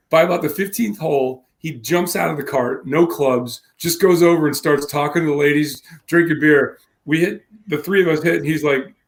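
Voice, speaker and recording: A man co-hosting a casual tech podcast, telling a long story with lively acted-out quotes and frequent laughs. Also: on the high side. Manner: animated storyteller, acts out quotes, laughs often. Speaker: podcast co-host.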